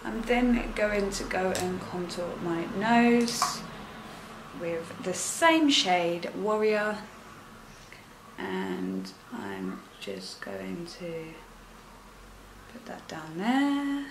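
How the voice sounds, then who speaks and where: A young woman vlogging a makeup try-on, talking at an unhurried, drawn-out pace and wandering off into asides. She gushes whenever something impresses her. Her voice bounces around a reverberant room with a faint hum of ambience underneath. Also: lowish voice. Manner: chatty, rambling, gushing with excitement. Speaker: beauty vlogger. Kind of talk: casual makeup tutorial chat. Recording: echoey room.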